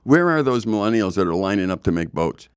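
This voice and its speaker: Blunt middle-aged male podcast co-host, deep-voiced, dry close sound. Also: very animated, brisk, clear, resonant tone, no echo. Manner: blunt, opinionated, stammers on restarts. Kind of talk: casual discussion.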